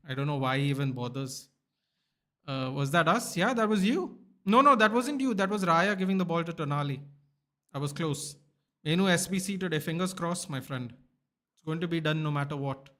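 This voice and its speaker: A man hosting a live football watchalong, chatting casually with viewers and reading out their comments. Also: fairly high pitch. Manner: chatty, rambling, reads out viewer comments and answers them; bursts into loud excited shouts at near misses. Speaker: livestream host.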